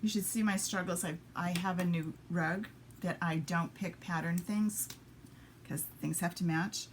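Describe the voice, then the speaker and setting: A woman's voice: on the low side, fairly even intonation, unhurried, slight background noise. A woman demonstrating papercraft in a casual live stream, chatting to viewers and muttering little asides to herself as she works at a home craft table.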